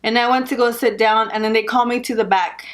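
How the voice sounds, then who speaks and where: A young woman vlogger telling a personal story in a casual, animated way, laughing often and saying "like" a lot. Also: fairly high pitch, quick pace.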